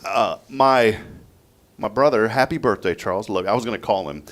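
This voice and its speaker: A man's voice: fairly low pitch, brisk. A man hosting a morning radio show, chatting in an upbeat, rambling way. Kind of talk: casual radio chat.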